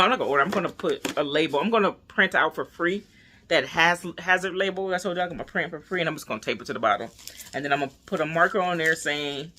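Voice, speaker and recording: Bright-voiced, anxious woman vlogger. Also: sits low, a little hiss or hum. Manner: anxious, rambling, drops to near whispers. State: stressed. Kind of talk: casual personal vlog.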